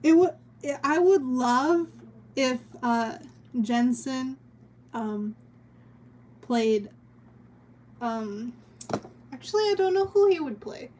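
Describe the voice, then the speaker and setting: A woman's voice: high voice, lively intonation, takes it slowly, long pauses, a little mellow, a little hiss or hum. A young woman streaming as she draws, chatting casually with a giggly, rambling manner. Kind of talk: casual chat while drawing on stream.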